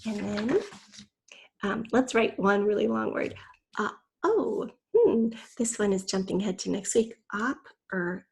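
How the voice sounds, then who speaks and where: A woman teacher gives a spelling lesson online, spelling out words letter by letter for young children. Her voice is gravelly and a little husky. She speaks patiently and clearly into a computer mic. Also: medium pitch, a little slow.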